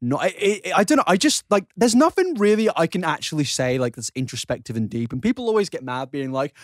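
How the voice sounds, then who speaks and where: Sweary young podcast co-host, lively and high-ish, dry close sound. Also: male voice, quick pace, hardly any pauses, no room sound. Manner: sweary, rambling, laughs a lot. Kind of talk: casual banter.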